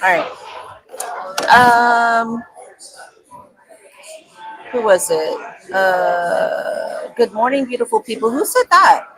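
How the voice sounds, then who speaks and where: A woman's voice: fairly high pitch, lively intonation, extremely slow, pauses often, fairly bright tone, low-quality recording. A woman co-hosting a live stream from a restaurant, reading out viewers' comments and adding short replies. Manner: reads viewer comments aloud, brief agreeing replies. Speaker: co-host. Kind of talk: casual live-stream chat.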